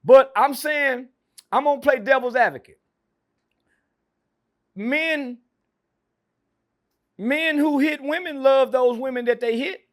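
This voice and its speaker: This is a man who preaches loudly and argues in rhetorical questions. His voice is high for a man and often rises to a shout. He speaks as a podcast guest in a provocative monologue. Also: slow pace, pauses often.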